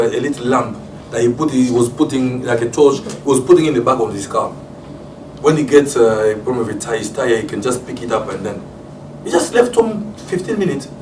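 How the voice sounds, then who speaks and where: A man with a Congolese accent preaching a sermon as a pastor. He tells stories and acts out family scenes with loud shouts and laughter. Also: mid-range voice. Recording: echoey room, distant mic, faint background hiss.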